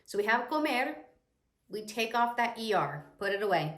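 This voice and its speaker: A woman's voice: medium pitch, moderate pace. Chatty young woman teaching, echoey room. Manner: lively, chatty, imitates the viewer's reactions. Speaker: Spanish teacher. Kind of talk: casual explanatory lesson.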